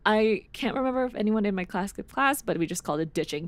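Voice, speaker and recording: A woman's voice: mid-range voice, lively intonation, fast talker, few pauses, dry recording. Chatty young woman streamer, American accent. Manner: chatty and rambling, restarts sentences, giggles often. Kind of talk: casual stream chat.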